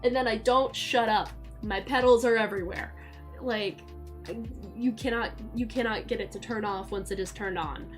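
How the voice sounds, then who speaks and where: A woman streaming from home, chatting casually, loud and excitable with casual swearing, sometimes cooing baby talk to her cat. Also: a little high, moderate pace, faint music behind. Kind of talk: casual live-stream chat. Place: at home in a chair by a window.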